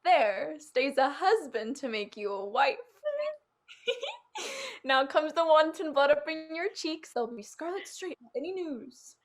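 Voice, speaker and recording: A woman's voice: high voice, lively intonation, unhurried. Woman playing a fussy, giggling old nurse. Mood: teasing. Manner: bawdy, giggling, teasing. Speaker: actor. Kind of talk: virtual staged reading. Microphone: video call.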